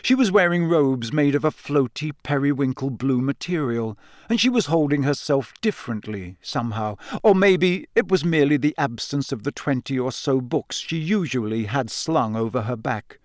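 A man's voice: normal speed, dry recording. Man reading a storybook aloud, dry. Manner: steady storybook reading, lifting the pitch for girls' lines. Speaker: audiobook narrator. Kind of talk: scripted narration.

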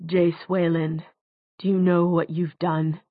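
A woman voicing a quiet, scheming older male tutor who speaks slowly and evenly. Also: on the low side, level tone, dry recording. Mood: cold, quiet. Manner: quiet, slow, measured. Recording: tinny phone-like dry sound.

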